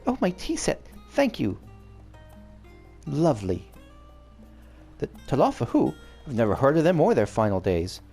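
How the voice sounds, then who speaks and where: Prim tea-drinking scholar lady, as a man puts her on, raised gravelly voice. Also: medium pitch, huge pitch swings, measured pace, long pauses, warm tone, faint music behind, pitched above the performer's own voice, full character voice.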